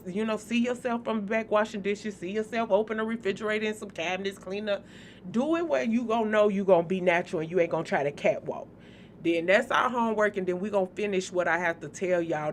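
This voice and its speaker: A woman's voice: medium pitch, a little hiss or hum. A woman hosting a spiritual channel, talking casually and bluntly to her viewers, joking and cursing freely. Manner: blunt, profane, joking, speaks straight to viewers.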